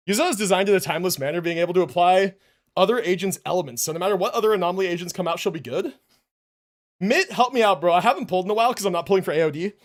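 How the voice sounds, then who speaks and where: A young man with a high voice rambles to his live chat from a room at home. He talks loosely, restarting sentences and piling on fillers, sometimes drifting away from his desk mic. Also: racing. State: out of breath after push-ups. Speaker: livestreamer. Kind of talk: casual live-stream chat. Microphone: desk mic, moves away from it.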